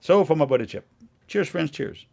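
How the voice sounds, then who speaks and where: An older man, a singer-songwriter, chatting casually and rambling quietly between songs on his music show. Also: a little high, moderate pace, gravelly. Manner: relaxed, rambling, quiet spoken asides. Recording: guitar music under the voice. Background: acoustic guitar playing.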